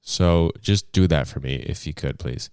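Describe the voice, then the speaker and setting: Low-voiced rambling jokey young man. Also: a little slow, darkish tone, smooth, no room sound, clean studio sound. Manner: rambling, jokey and self-deprecating. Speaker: podcast host. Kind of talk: casual solo podcast chat.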